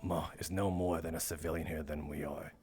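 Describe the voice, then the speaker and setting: Low voiced guy roleplaying a stern interrogator, keeps pushing for details. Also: little pitch movement, brisk, darkish tone, faint music behind. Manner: pressing, demanding specifics. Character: stern man interrogating a suspect. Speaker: roleplay streamer.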